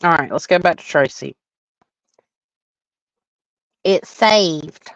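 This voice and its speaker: A woman astrologer talks through a chart live in a loose, chatty way, often breaking into laughter. Her voice sits a little low. The sound is dry and a touch dull, like a home live stream. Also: expressive, takes it slowly, dry recording. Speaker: astrologer hosting a live reading. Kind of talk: casual live chart reading.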